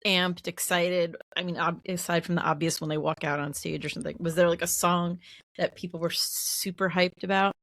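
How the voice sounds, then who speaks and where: A woman co-hosting a podcast, chatty and quick to laugh, asking questions in casual conversation. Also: fairly low pitch, steady tone, fairly bright tone, no echo. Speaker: podcast co-host. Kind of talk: casual chat.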